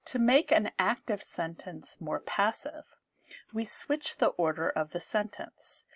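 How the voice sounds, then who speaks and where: A woman teaching an English grammar lesson, explaining clearly and repeating example sentences. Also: mid-range voice, expressive, unhurried, no echo.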